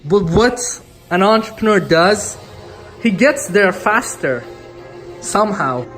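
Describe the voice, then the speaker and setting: A woman's voice: medium pitch, animated, slow, faint music behind. A woman from Iran talking casually to camera about business, rambling and joking, tagging lines with "okay?". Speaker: vlogger. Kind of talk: casual motivational monologue to camera.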